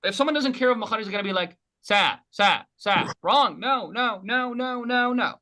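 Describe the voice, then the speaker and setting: A man teaching an online group class, animated and repeating letters slowly for his students. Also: extremely high pitch. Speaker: Quran recitation teacher. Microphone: webcam.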